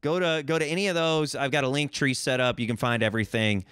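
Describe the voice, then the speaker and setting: A man's voice: medium pitch, fast talker, fairly bright tone, clear, resonant tone, no echo, studio quality. A man from Missouri hosting a solo podcast, rambling and joking with a profane, self-mocking streak. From Missouri, United States. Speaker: podcast host.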